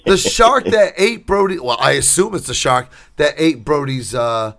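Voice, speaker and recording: A man co-hosting a casual podcast, retelling a film plot with sarcastic asides and quick acted-out quotes. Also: on the high side, animated, gravelly, fairly bright tone. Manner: sarcastic storytelling, acts out quotes. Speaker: podcast co-host. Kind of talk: casual chat.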